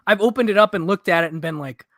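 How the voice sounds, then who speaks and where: A man hosting a live stream, chatting in a relaxed, easygoing way and readily agreeing with his guest. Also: high-pitched, quick pace, dry recording, clean studio sound. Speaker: host. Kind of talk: casual chat.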